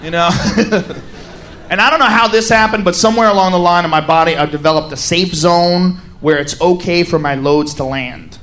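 A young man doing a stand-up comedy set on a stage, telling crude, profane stories in an animated way. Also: high-pitched, normal speed, a little hiss or hum. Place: comedy stage before an audience. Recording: live stage with crowd laughter.

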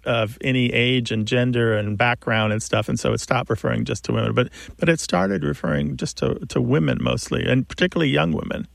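A man's voice: mid-range voice, gravelly, no echo. A man co-hosting a call-in radio show about language, explaining at length to callers in a thoughtful way.

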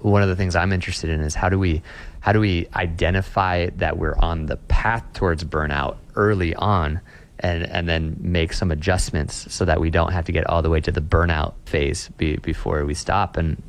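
A man's voice: sits low, steady tone, normal speed, a little hiss or hum. A man in his thirties, a pastor, speaking earnestly in an interview and often repeating words as he starts a phrase. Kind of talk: conversational interview answers.

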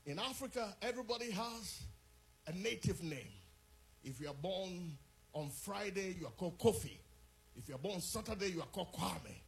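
A middle-aged man from Ghana, preaching a sermon as an animated storyteller who moves from quiet asides to shouted peaks. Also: sits high, moderate pace, gravelly, a little hiss or hum. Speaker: pastor.

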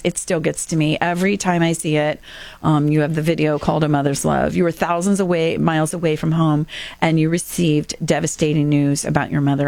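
A woman hosting a radio talk show, introducing her guest and listening with frequent soft murmurs of agreement. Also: sits low, vocal fry, dry recording. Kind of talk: radio interview.

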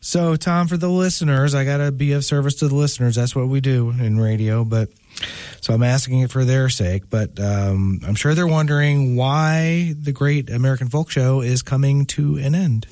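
A man's voice: medium pitch, moderate pace, mellow, dry recording. A man interviewing a guest on the radio, asking conversational questions and reacting lightly.

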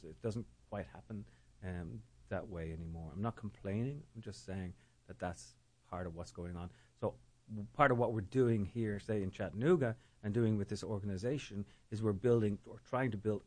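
Low-voiced Irish man, halting and reflective. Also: darkish tone. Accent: Dublin Irish. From Ireland. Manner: halting, many fillers and repeated words. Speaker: guest, storytelling organizer. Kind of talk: reflective conversational interview.

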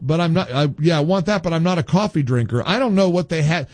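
A man's voice: a little high, fast talker, a little mellow, dry recording. A middle-aged man hosting a call-in radio talk show, rambling and wry, his voice jumping up when he gets exasperated.

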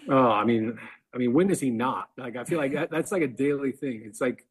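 A man's voice: medium pitch, fairly quick, breathy edge. A man telling a casual story as a guest, chatty and full of fillers.

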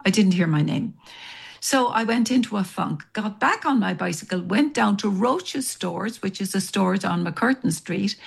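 An Irish woman being interviewed as a guest, telling long stories in a rambling, animated way. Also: mid-range voice, vocal fry, slightly rough. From Ireland. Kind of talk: storytelling interview.

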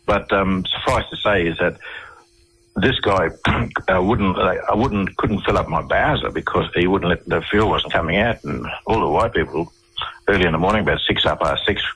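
Australian man, radio guest. Low, husky voice; halting, rambling delivery full of fillers. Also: fairly bright tone, poor audio. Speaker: interview guest. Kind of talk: casual radio interview storytelling.

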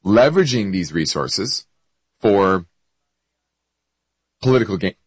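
A man's voice: lowish voice, expressive, takes it slowly, breathy edge, no room sound, low-quality recording. A man hosting an investment show, explaining markets and answering a listener's question, with hiccups and frequent self-corrections.

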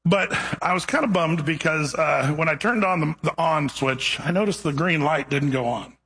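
A middle-aged or older male pastor preaching a sermon in a chatty, animated way, full of asides, acting out the people in his stories. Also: fairly high pitch, moderate pace, breathy edge, low-quality recording. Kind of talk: storytelling sermon.

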